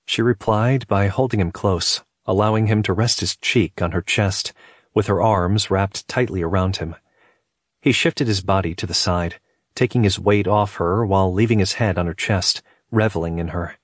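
A man reading a romance novel aloud as narrator, calm and even. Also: sits low, moderate pace, no echo, studio quality. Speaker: audiobook narrator.

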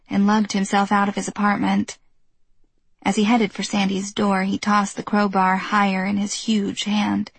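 A woman reading a novel aloud in even, measured audiobook narration. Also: medium pitch, gravelly, slightly rough, dry recording.

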